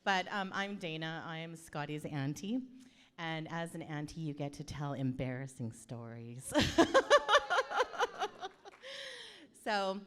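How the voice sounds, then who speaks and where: A woman's voice: low-pitched, normal speed, clear, resonant tone. A middle-aged woman, the groom's aunt, giving a playful teasing wedding speech into a handheld microphone. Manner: playful, teasing, laughing often. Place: wedding reception hall.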